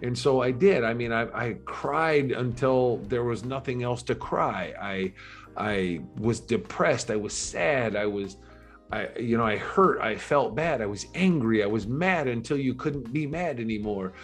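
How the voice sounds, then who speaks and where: A middle-aged man, a podcast guest, telling his life story in a candid, earnest and reflective way, with halting restarts. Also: medium pitch, lively intonation, soft background music.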